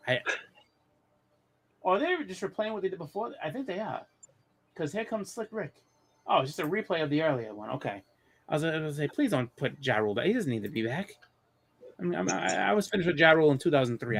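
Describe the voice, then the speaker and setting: A man's voice: fairly high pitch, sing-song, fairly quick, vocal fry, pauses often, a bit bright. A man in his thirties hosting a live comics show, chatting casually and rambling through stories with many restarts and fillers. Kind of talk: casual chat.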